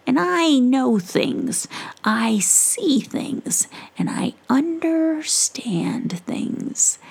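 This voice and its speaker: A woman voicing a gentle, wise and playful witch in a breathy, half-whispered story voice. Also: fairly high pitch, pitched above the performer's own voice, full character voice. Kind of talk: whispered role-play.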